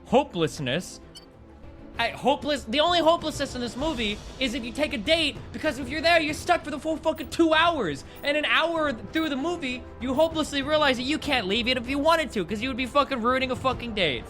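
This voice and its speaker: A man's voice: very high-pitched, a little fast, few pauses, bright, forceful tone, soft background music. A young man streaming live, ranting heatedly about a film with plenty of profanity. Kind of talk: live stream movie rant.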